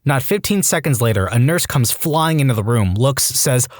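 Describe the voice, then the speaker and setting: A man's voice: mid-range voice, fairly quick, few pauses, dry recording, clean studio sound. A man narrating online stories in a scripted way, acting out the quoted lines in different voices. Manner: lively, acts out quoted lines in shifting voices.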